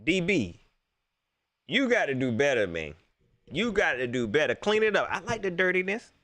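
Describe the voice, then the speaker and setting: A man's voice: fairly high pitch, moderate pace. Chatty man hosting a live sports stream. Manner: animated, laughs often, talks straight to the chat. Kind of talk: casual post-game commentary to live chat.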